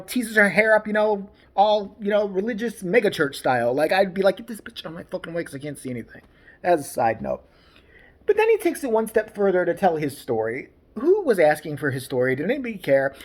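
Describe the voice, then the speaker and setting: A woman giving a blunt, sarcastic, profane opinion rant as a vlogger. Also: mid-range voice.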